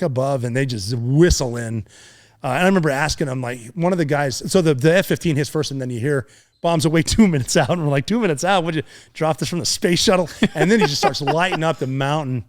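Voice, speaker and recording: Animated man telling a war story. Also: a little high, a little fast. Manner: animated war storyteller, profane, acts out voices and sounds, laughs often. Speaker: podcast guest, former Navy SEAL. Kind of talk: casual storytelling interview.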